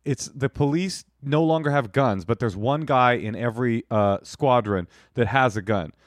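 A man co-hosting a comedy podcast, talking in an animated, jokey way and laughing loudly. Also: medium pitch, normal speed, dry recording. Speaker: podcast co-host. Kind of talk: casual comedic chat and host-read ads.

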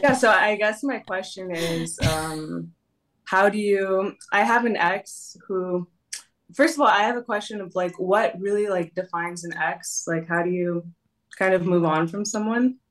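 A woman in her twenties from California, calling in to a podcast and speaking nervously, with lots of pauses and fillers. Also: mid-range voice, a bit bright, distant mic. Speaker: caller.

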